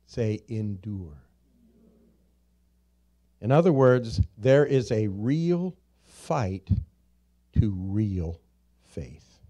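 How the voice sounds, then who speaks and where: A man preaching a church sermon, slowly drawing out key words, rising to loud emphatic peaks and dropping to quiet, low stresses. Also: lively intonation, dull audio. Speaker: pastor. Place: church sanctuary.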